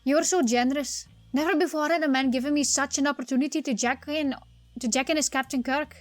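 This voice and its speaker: A woman's voice: high voice, fairly even intonation, a little fast, dry recording, soft background music, voice pushed up, lightly acted. A woman voicing a bumbling male police constable with a put-on Cockney accent, melodramatic and weepy, in a text game. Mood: distraught. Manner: weepy, melodramatic, rhyming slang.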